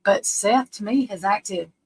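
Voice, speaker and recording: A woman's voice: mid-range voice, measured pace, darkish tone, husky, poor audio. A middle-aged woman from the United States hosting a live stream, rambling and frank, restarting her sentences and swearing casually.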